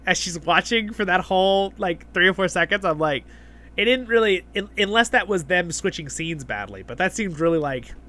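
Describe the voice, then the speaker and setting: A man's voice: sits high, expressive, moderate pace, bright, forceful tone. A man hosting a live stream, chatting casually and reading viewer comments aloud, rambling with fillers and restarts. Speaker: livestream host.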